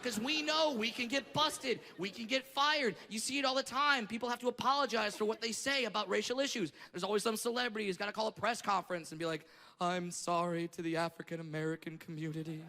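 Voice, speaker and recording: A middle-aged man from Southern California doing a stand-up set on stage, brash and profane, shouting his punchlines. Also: very high voice, fast, few pauses, in a large hall. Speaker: stand-up comedian. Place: comedy stage before a laughing audience. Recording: live stage sound with audience noise.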